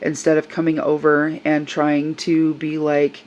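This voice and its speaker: A woman's voice: low-pitched, completely flat delivery, a little slow, a little mellow, muffled recording. An older woman tells a personal story in a vlog, earnest and upset as she recounts what happened. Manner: upset, earnest retelling with quoted voices. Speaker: service dog handler.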